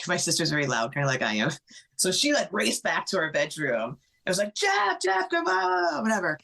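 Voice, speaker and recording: A middle-aged woman, a podcast guest, tells a personal story in an animated way, acting out what others said, with many "like" fillers. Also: sits low, creaky.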